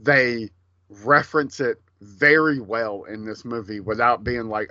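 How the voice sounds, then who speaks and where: A man co-hosting a podcast, chatting casually and profanely about a movie, rambling and animated. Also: mid-range voice, measured pace, no room sound, highs cut off. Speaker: podcast co-host.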